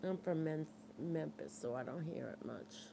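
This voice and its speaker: A woman's voice: deep voice, normal speed, vocal fry, noisy background. A middle-aged woman with a Boston accent hosting a support group livestream in casual, earnest chat, answering viewers' comments and urging them on. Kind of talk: casual live-stream chat.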